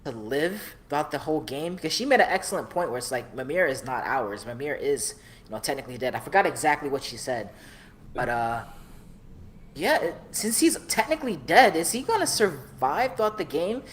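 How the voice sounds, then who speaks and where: A woman guest on a gaming podcast, animated and frank, swearing casually as she talks. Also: low-pitched, fairly quick, slight background noise.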